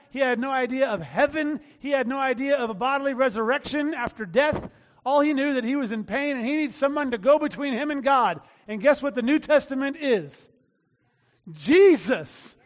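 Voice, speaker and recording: A man preaching a sermon in a casual, talky way, acting out quotes and breaking into shouts. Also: extremely high pitch, in a large hall. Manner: conversational preaching with acted-out quotes and sudden shouts. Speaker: pastor.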